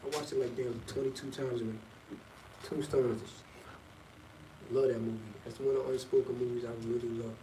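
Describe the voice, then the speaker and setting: A middle-aged vlogger tells a loose, slangy story in a rambling casual monologue, jumping between topics. His mid-range voice is brisk and mellow with little pitch movement, recorded echoey and off-mic from a distance with faint ambience and slight background noise.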